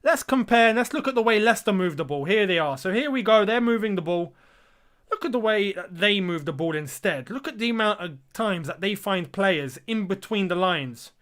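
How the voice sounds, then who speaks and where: Pitched high with lively intonation, a fairly bright tone and a slightly quick delivery, a young man hosts a football watchalong. He gives live match reaction and commentary, disbelieving and fed up, chatting to viewers as lads.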